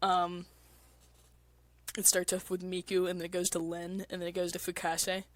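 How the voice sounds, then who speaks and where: A woman's voice: on the low side, completely flat delivery, normal speed, no room sound. A woman with a congested, mucusy throat, chatting casually on a stream, crude and rambling. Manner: crude, swears often, rambling with fillers. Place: basement apartment.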